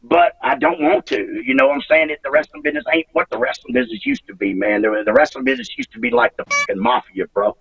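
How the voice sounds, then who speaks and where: A husky, gravelly man in his fifties speaks haltingly, circling back over his words and swearing freely as his feelings rise. His pitch swings widely. The sound is dry, distant and muffled, like a remote call. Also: sing-song, a bit bright, no echo. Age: 50s. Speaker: retired wrestler, interview guest. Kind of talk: emotional interview over a call.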